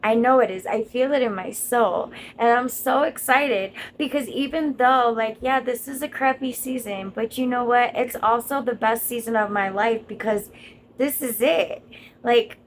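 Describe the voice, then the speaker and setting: A woman's voice: fairly high pitch, moderate pace, slight background noise, low-quality recording. A woman content creator giving an earnest, encouraging motivational monologue straight to her viewers.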